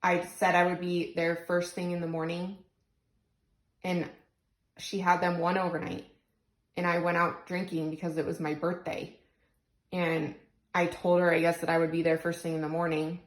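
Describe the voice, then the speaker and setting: A woman's voice: on the low side, little pitch movement, moderate pace, long pauses, roomy sound, poor audio. A young woman venting tearfully and rambling about her frustrations into her phone, close to crying. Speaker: single mom vlogger. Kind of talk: emotional venting vlog.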